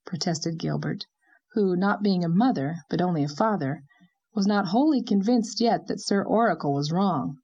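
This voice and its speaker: A woman narrating an audiobook in an even, measured storytelling manner. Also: lowish voice, breathy edge, highs cut off. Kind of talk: scripted narration.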